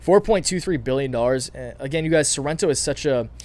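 A man with a scratchy throat runs through his stock picks at a rapid clip, eager and loose. His voice sits at a middling pitch, and he stumbles through restarts and plenty of fillers as he talks to his viewers. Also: darkish tone. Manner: fast, filler-heavy, enthusiastic talk with many restarts. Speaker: stock market channel host. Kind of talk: casual market analysis to viewers.

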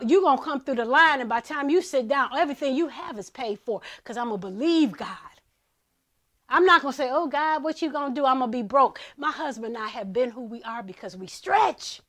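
A woman's voice: sits high, fairly bright tone. A woman, a pastor's wife, leading a church offering appeal in an emphatic sermon style, repeating her calls to the congregation. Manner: emphatic, repetitive exhortation. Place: church service streamed online.

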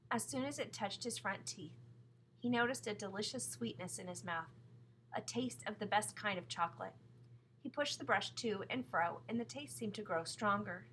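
A woman reads a children's chapter book aloud in a steady, clear storytelling manner. Her tone is bright and crisp. A faint hum sits under the recording. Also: mid-range voice, poor audio. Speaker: narrator.

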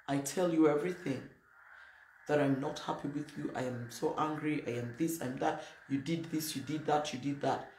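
Blunt, emphatic woman pastor preaching. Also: sits low. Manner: blunt, emphatic, plain-spoken. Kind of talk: sermon. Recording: roomy echo, faint noise.

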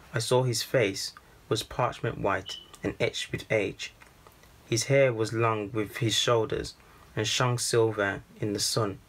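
A man reading a first-person storybook aloud in a calm, measured way. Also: on the low side. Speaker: storybook reader.

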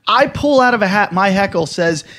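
A man in a casual chat, telling a crude story with animated, acted-out quotes. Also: high-pitched, a little fast.

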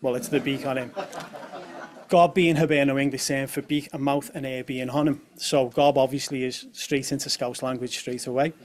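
A man's voice: mid-range voice, steady tone, normal speed, hardly any pauses, a little hiss or hum. A young man from presents a talk to an audience and drops in light humorous asides. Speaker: speaker at a talk on language.

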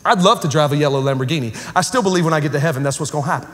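High-voiced joking pastor in a hall. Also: male voice, rapid-fire. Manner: joking, conversational preaching with Southern slang. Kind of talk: lively sermon. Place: church sanctuary with live congregation.

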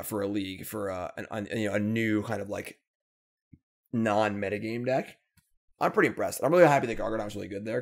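A man's voice: lowish voice, vocal fry. A man hosting a card game video, commenting casually on his play with mock-dramatic lament and upbeat wrap-up. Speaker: Magic gameplay video host.

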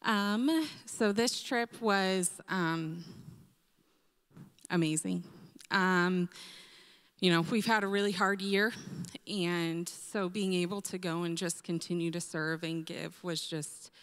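Smooth, hesitant woman sharing a church testimony. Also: on the low side, fairly bright tone. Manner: hesitant, many pauses and ums. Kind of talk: mission trip testimony to a congregation. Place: church sanctuary. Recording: long hall reverb in a church.

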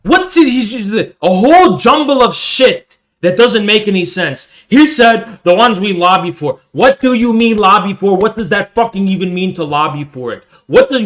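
A man reacting to a video in an angry, profane rant, taunting his target and swinging between shouting and low, menacing mutters. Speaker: political streamer reacting to a video.

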